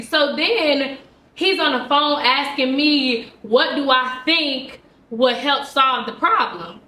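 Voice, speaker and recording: A teacher telling a classroom story in a casual, animated way, quoting herself and the people involved. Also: female voice, high-pitched, takes it slowly. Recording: roomy sound from a distant mic.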